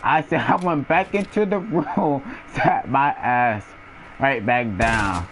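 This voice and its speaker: A man's voice: mid-range voice, slow, noisy background. A young man telling personal stories in a casual, slangy way, often laughing and acting out the sounds of what happened. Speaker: storyteller. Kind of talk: casual storytelling.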